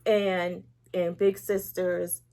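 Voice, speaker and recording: Speaking extremely slowly, a woman with a fairly low, warm voice and little pitch movement shares a candid faith testimony as an interview guest. She's emotional, acts out quoted speech from others, and laughs lightly between serious moments.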